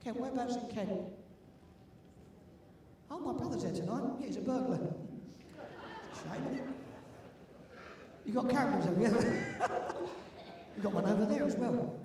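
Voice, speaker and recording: An older man with a London accent and a very high voice, joking and teasing his way through crowd banter as an event compère. He sounds far from the mic, with heavy echo off a big indoor arena and some faint noise behind. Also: normal speed, long pauses, mellow. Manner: jokey, teasing, chatty with the audience. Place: large indoor sports arena. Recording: echoey hall from far off, with room noise.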